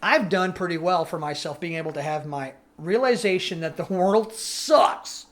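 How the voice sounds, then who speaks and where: A man's voice: high voice, normal speed, a bit bright. A man co-hosting a podcast, ranting bluntly and profanely in casual opinion chat. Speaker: podcast co-host.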